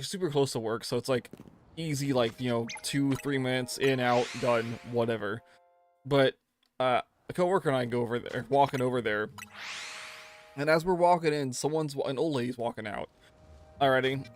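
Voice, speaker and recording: A young man streaming a game, telling a story in casual, rambling chat full of slang and restarts. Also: medium pitch.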